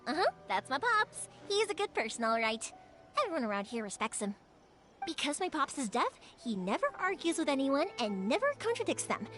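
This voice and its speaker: A young woman voicing a lively, upbeat fireworks maker's daughter who chats warmly and animatedly, in game voice acting. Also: high voice, fairly quick. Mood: affectionate. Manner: bright, chatty and animated. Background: game music.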